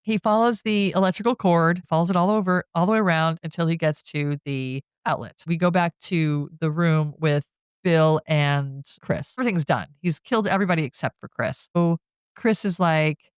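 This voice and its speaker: A woman on a podcast walks through a movie's story in a relaxed, chatty way, breaking into laughter now and then. Her voice sits on the lower side for a woman. The sound is close and dry, with no room around it. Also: normal speed, clear, resonant tone, dry recording. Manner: laughs often while retelling a plot, animated. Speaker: podcast co-host. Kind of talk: casual movie recap chat.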